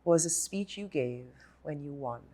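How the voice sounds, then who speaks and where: A woman's voice: sits low, expressive, unhurried, warm tone. Effusive woman interviewer. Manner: effusive, admiring. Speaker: host.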